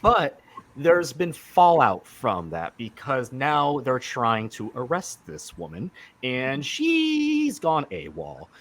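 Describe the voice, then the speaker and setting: A man's voice: medium pitch, wildly swooping pitch, takes it slowly, fairly bright tone. A man hosting a casual podcast chat about comics, enthusiastic and rambling with many fillers and restarts. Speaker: podcast host.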